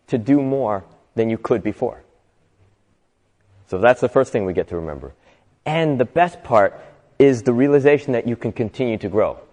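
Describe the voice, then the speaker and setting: A man's voice: mid-range voice, darkish tone, in a large hall. A man giving an inspirational talk to a live audience in a conversational way, often asking listeners rhetorical questions. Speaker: motivational speaker.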